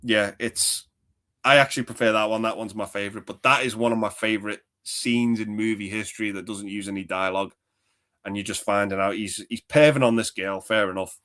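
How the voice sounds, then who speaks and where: A man's voice: lowish voice, fairly even intonation, brisk, a bit bright. A man co-hosting a casual movie chat, enthusiastic, swearing often and slipping into quoted lines. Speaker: podcast co-host.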